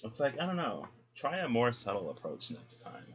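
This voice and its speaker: A man's voice: mid-range voice, huge pitch swings, moderate pace, a little hiss or hum. A man giving a casual tarot reading, sassy and chatty, talking straight to the listener, in a dull lo-fi recording. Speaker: tarot reader. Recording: dull lo-fi sound.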